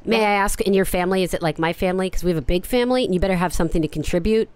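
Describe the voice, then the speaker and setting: Quick, chatty woman guest. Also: on the low side, darkish tone, clear, resonant tone, no room sound. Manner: teasing, chatty. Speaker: studio guest. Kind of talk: casual studio banter.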